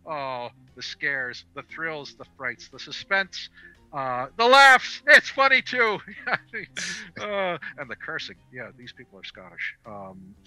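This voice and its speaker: Bright rambling man reviewing a film. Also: medium pitch, lo-fi sound. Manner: rambling with many fillers and restarts. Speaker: podcast guest reviewer. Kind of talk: casual film review chat. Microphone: video call.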